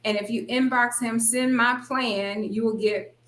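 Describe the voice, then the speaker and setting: A woman's voice: a little high, fairly even intonation, measured pace, fairly bright tone, roomy sound, rough recording. A woman hosting a casual live stream, chatting and reading viewer comments aloud. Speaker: host.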